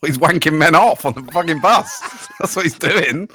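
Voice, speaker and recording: A man co-hosting a casual podcast, sweary and mock-boastful with a deadpan edge. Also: on the high side, moderate pace, a little hiss or hum. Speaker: podcast co-host. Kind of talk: casual banter.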